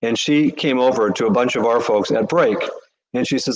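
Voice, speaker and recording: A man, a charity CEO, answering interview questions with earnest, animated storytelling. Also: medium pitch, normal speed, rough recording.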